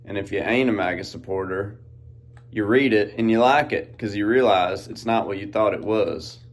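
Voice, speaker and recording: A man's voice: lowish voice, moderate pace. Laid-back man rambling. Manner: laid-back rambling with Southern-style slang. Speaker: podcast host. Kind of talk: casual monologue. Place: outdoors in farm fields.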